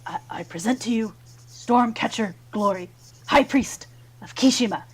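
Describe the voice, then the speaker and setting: A woman's voice: a little high, moderate pace, breathy edge, poor audio. A woman voicing a formal half-orc attendant man in a fantasy game.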